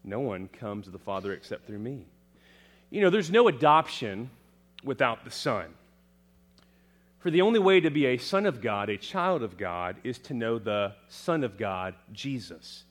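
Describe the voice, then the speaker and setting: A man delivering a sermon with a very lively, swinging pitch. He rises to loud, emphatic proclamations and sinks back to quiet low lines, often putting questions to the congregation and answering them himself. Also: unhurried. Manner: dramatic, rising to loud emphatic proclamations then dropping low. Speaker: preacher.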